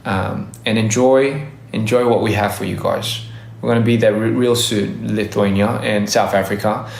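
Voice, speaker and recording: A man's voice: on the low side, fairly even intonation, moderate pace, vocal fry. A man chatting loosely on a phone livestream, rambling and restarting often. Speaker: livestream host. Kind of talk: casual livestream chat. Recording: roomy echo.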